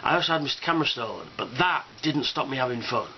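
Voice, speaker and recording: A man records a casual, rambling video response, full of ums and cheerful swearing. His voice sits at an ordinary pitch, and his delivery stays enthusiastic. The sound is dull and lo-fi, with a faint hiss behind it. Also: expressive, fast. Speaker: fan convention vlogger.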